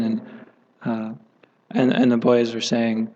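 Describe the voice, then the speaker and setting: A man's voice: mid-range voice, completely flat delivery, takes it slowly, pauses often, darkish tone, dull audio. A man giving a scripture class, telling a story casually with many fillers and restarts. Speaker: class speaker. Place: temple hall. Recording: long hall reverb.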